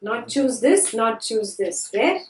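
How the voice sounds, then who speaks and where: A woman's voice: fairly high pitch, very animated, slow, a little hiss or hum. A woman teaching a scripture class, asking her students questions and repeating key phrases. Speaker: spiritual teacher. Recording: echoey room from a distance.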